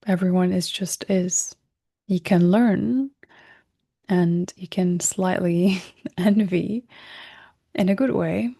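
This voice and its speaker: In a recorded self-help workshop, the female host speaks with gentle reflection, breaks off to correct herself, and lets key words drop to soft whispers. Her voice is lowish and gravelly.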